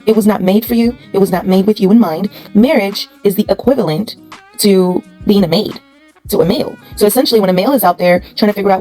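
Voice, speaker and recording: Brief: a woman commentator who talks fast and lectures bluntly straight to camera, with soft music underneath. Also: mid-range voice, low-quality recording. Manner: blunt, lecturing, full of rhetorical questions. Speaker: commentary channel host.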